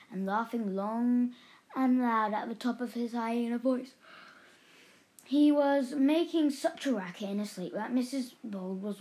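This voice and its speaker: A woman's voice: on the high side, darkish tone, low-quality recording. Woman storyteller reading a children's book, chatty. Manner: chatty asides to the listener.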